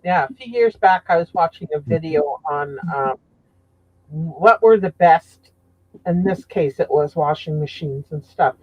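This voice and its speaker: A woman's voice: sits low, animated, a little slow, dry recording, highs cut off. A woman guest in a casual chat who rambles and hunts for her words.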